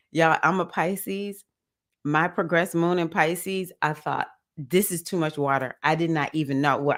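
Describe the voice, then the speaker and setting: A woman hosting a casual spiritual livestream, chatting to viewers about astrology, laughing often and addressing them as y'all. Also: sits low.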